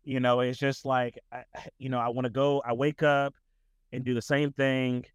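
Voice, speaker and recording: A young man talking as a podcast guest in a relaxed, rambling way, full of fillers. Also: mid-range voice, moderate pace, clean tone, no echo. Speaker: tutoring business owner, guest. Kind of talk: casual interview conversation.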